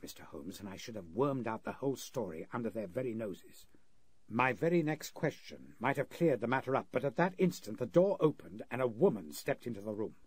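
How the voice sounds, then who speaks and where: A man's voice: mid-range voice, slightly rough, no room sound. A man playing an earnest male interpreter narrating a frightening ordeal in a 1930s radio drama. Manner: earnest, vivid storytelling.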